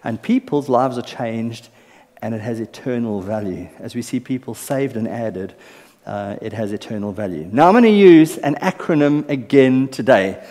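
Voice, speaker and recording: A man's voice: mid-range voice, animated, moderate pace, dark tone. A South African-born man preaching a sermon from a church stage into a microphone, chatty and teasing, checking in with the congregation. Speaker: pastor. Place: church stage with long reverb. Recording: live church hall reverb.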